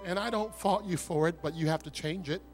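A man pastor preaching a sermon with an altar call, swinging between shouted fervor and hushed, intimate words. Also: high voice, a little fast, soft background music.

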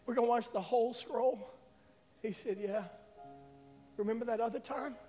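A man preaching a sermon, telling an emotional testimony that swells to loud passionate peaks. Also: very high voice, fairly even intonation, normal speed. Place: church sanctuary. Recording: live hall with reverb and faint music.

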